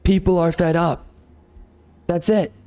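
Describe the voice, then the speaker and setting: A man's voice: sits high, steady tone, measured pace, dark tone, clear, resonant tone. A man making a gaming video, giving heated, repetitive, exasperated commentary over gameplay.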